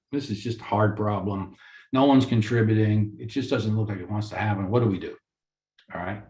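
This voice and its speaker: Animated man ranting in a roomy echo. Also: mid-range voice. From Florida. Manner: animated, ranting, conversational with rhetorical questions. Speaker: mediator and lawyer. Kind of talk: lecture-style talk for course credit.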